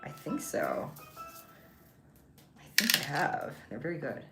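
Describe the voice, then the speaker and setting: A woman with a low voice chats on a live stream. She is playful and her pitch swings widely. Music plays clearly behind her. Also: huge pitch swings, slow. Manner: chatty and playful, talks to chat and her cat. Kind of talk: casual live-stream chat while crafting. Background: background music.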